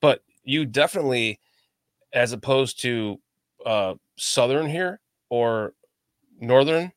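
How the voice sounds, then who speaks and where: A man's voice: mid-range voice, takes it slowly, clean tone, no room sound. Chicago guy hosting a podcast, swears a lot, dry close sound. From Chicago area. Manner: profane, animated storyteller, laughs often. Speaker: podcast host. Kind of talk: casual podcast chat. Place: lives in the American South.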